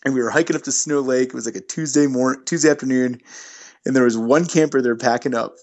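A man's voice: medium pitch, fast, a little mellow. A middle-aged man, a long-distance hiker, telling stories in an easygoing, rambling way as a podcast guest. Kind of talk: casual storytelling interview.

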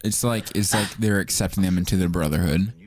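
A man's voice: low-pitched, brisk, darkish tone. A young man hosting a casual gameplay video, joking around and putting on silly voices for the characters. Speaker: gaming video host. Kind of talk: casual let's-play commentary.

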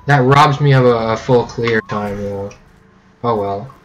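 A man giving casual gameplay commentary, rambling and self-mocking with sudden excited yelps. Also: medium pitch, unhurried, highs cut off, slight background noise. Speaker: let's play gamer. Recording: keyboard clicks audible behind.

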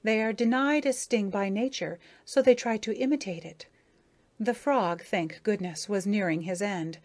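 A woman voicing a grieving, self-important female dragonfly who tells her tale slowly, mournfully and dramatically. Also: medium pitch, darkish tone, lightly acted. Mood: grave dramatic. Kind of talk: audiobook character reading.

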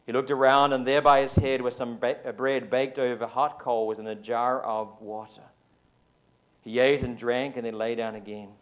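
A man's voice: mid-range voice, level tone, moderate pace. A man with a New Zealand accent preaching a sermon at a church service, talking in a chatty way and often checking in with the congregation. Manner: conversational, often asks the congregation "right?". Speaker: pastor.

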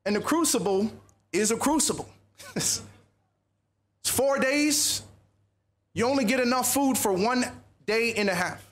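A man speaking at a youth conference, telling a personal story in a lively, animated sermon style. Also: extremely high pitch, slow, pauses often. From USA.

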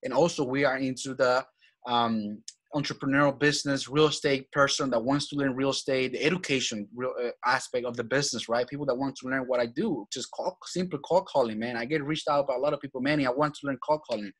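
Guy, husky, mid-range pitch, upbeat and repetitive. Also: fairly quick. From Venezuela. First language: Spanish. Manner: energetic, repeats key points, frequent "right?" and "man". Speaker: guest, real estate acquisitions manager. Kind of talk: casual interview talk.

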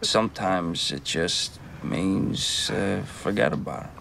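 Rough-voiced street mobster, casual and wry, film clip. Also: male voice, low voice, takes it slowly, fairly bright tone, slight background noise, exaggerated voice. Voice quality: gravelly. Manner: loose, offhand explaining of slang. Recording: movie clip played back, faint ambience.

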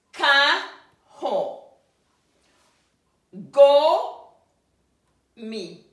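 Woman teacher, slow and deliberate, mic well off in a strongly echoing room. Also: on the high side. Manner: slow, deliberate, stresses syllables loudly; laughs at herself. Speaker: Spanish teacher. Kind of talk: classroom lesson at a whiteboard. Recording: roomy echo from far off, faint music.

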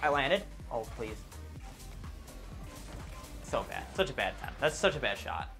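A young man casually commentating his own gameplay, excitable and swearing a lot, yelling whenever he misses. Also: medium pitch, a little slow, music in the background.

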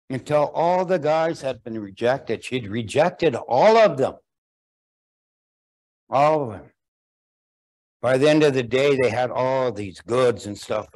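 A man's voice: medium pitch, a little mellow. A man telling a traditional winter story in a folksy way, with chuckling asides. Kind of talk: oral storytelling.

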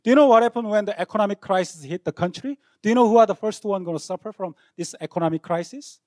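Dramatic high-voiced male preacher. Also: fast, no room sound, studio quality. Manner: dramatic, swinging from loud outbursts to hushed lines. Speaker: pastor. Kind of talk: sermon. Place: university chapel.

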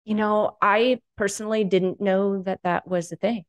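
A woman hosting a podcast interview, asking her guest gentle, supportive questions. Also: mid-range voice, fairly even intonation, normal speed, dull audio. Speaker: podcast host. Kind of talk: casual interview.

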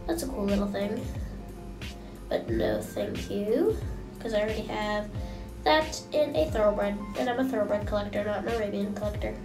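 A young woman hosting a casual gameplay vlog, chatty and gushing with excitement as she comments on what she sees. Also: mid-range voice, moderate pace, far from the mic. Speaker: gaming channel host. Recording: echoey room, mic set back, music behind.

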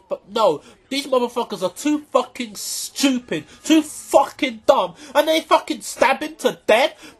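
A vlogger giving an angry, profanity-filled reaction rant to camera, often shouting and repeating points for emphasis. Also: sits high, husky.

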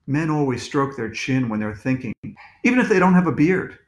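A man's voice: mid-range voice, expressive, a little fast. A man reading his own children's book aloud at home, playful and full of jokey asides. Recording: roomy echo.

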